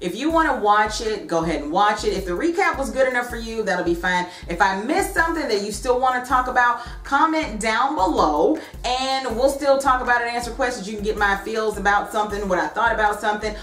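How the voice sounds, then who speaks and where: A woman's voice: fairly high pitch, brisk, hardly any pauses, faint music behind. Chatty woman vlogger in an echoey room. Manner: chatty, animated retelling with "um" and "like". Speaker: TV recap vlogger. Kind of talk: casual TV recap.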